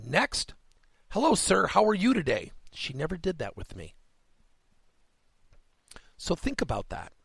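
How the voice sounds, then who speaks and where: A man's voice: mid-range voice, gravelly, breathy edge, dry recording. A man hosting a workplace coaching podcast, telling a story with rhetorical questions.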